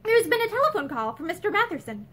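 A steady, kind young woman who asks softly and coaxingly, as a woman reads her. The voice is high-pitched and moves a lot. It is plain storybook reading. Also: fast, full character voice. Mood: concerned. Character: steady, kindly young woman, gently concerned.

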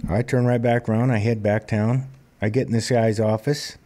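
A man in his fifties from Montana, a singer-songwriter telling plainspoken stories in a relaxed interview. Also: fairly low pitch, moderate pace. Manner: relaxed, plainspoken anecdotal storyteller. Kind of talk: conversational storytelling interview.

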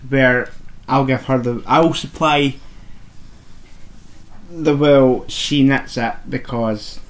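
A man's voice: medium pitch, fairly even intonation, slow pace. A man co-hosting a crafting podcast at home, chatting casually and showing off yarn to the camera. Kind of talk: casual chat. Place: home, at a table. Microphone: camera on a table.

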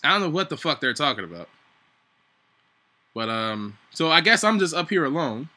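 A man giving live gameplay commentary, excitable and panicky, swearing constantly and shouting in sudden bursts. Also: fairly high pitch, moderate pace. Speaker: gaming channel host.

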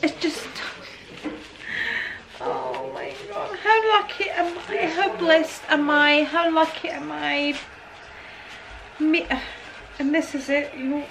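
A woman in her fifties unboxing gifts on her vlog, gushing and stammering with excitement, repeating her exclamations. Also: high voice, slow, gravelly, pauses often, crowd noise, rough recording. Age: 50s. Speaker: vlogger.

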